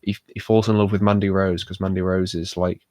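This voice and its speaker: A man's voice: low voice, little pitch movement, brisk, darkish tone, no echo. A young man hosting a casual podcast, talking in a rambling, wry way full of fillers. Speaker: podcast host. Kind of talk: casual chat about wrestling.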